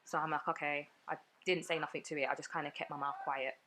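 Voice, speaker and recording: A woman, a podcast guest telling her own story in an earnest, rapid way with many fillers. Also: deep voice, level tone, background noise. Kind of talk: personal storytelling in a podcast interview.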